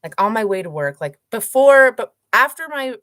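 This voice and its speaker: A woman hosting a show, reading a book passage aloud slowly and then chatting casually with many fillers. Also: a little high, sing-song, fairly bright tone, no room sound. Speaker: host.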